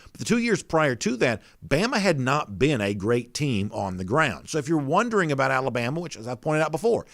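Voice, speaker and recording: A man's voice: medium pitch, big pitch swings, brisk, fairly bright tone, no echo, studio quality. A man hosting a casual sports talk show, chatting loosely with plenty of "you know" fillers and reading out viewer comments.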